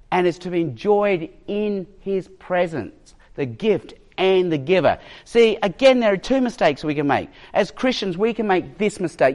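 A male pastor preaching a sermon in an emphatic storytelling manner, sometimes slowing right down and sometimes rushing ahead. His voice is fairly high for a man and very animated, swinging widely in pitch.

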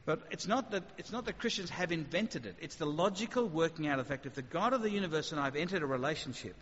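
Animated male speaker in a reverberant hall. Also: fairly high pitch, fast. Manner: animated, conversational, sudden acted asides. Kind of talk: evangelistic talk with questions. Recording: muffled hall recording with faint noise.

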